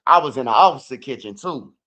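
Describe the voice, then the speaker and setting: A man's voice: mid-range voice, animated, fast, pushed and bright. A man with a Chicago accent telling rambling, profane stories in a casual livestream, with many restarts. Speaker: livestream host. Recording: dull lo-fi stream audio.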